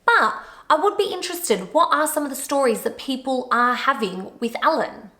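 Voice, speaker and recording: A woman's voice: high-pitched, expressive, moderate pace, pushed and bright, echoey room. Wry woman doing sarcastic commentary. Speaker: commentary vlogger.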